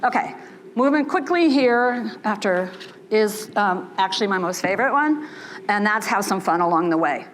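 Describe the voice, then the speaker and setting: A woman's voice: mid-range voice, normal speed, fairly bright tone, a little hiss or hum. An older woman giving a conference keynote, candid and chatty, often checking in with the audience with 'right?' and filler ums. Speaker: keynote speaker. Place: conference hall.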